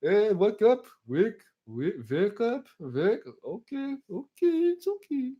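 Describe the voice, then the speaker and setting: A fussing cab driver with a raised voice who pushes loudly and insistently, as a man puts him on. He talks with urgency and keeps pressing his point. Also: sits high, sing-song, slow pace, lo-fi sound, voice pushed up, full character voice. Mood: urging.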